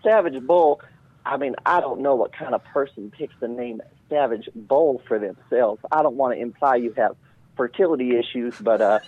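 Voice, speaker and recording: A man's voice: medium pitch, normal speed, slight background noise, pitched above the performer's own voice, lightly acted. A man voicing a brash, taunting villainous cowboy who mocks everyone and calls them boy. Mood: snide. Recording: tinny phone-like line.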